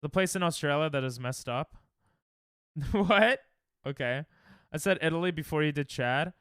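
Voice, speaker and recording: A man's voice: on the high side, moderate pace, fairly bright tone, dry recording, clean studio sound. A young American man streaming a geography guessing game, thinking aloud and trash-talking his chat. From United States. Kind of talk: casual live-stream chatter while playing.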